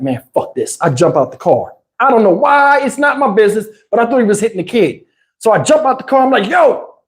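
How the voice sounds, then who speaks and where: Man telling a story with crude slang. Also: very high-pitched. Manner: animated, laughs often, crude slang. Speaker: live-stream storyteller. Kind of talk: casual anecdotal storytelling. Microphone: wireless lapel mic.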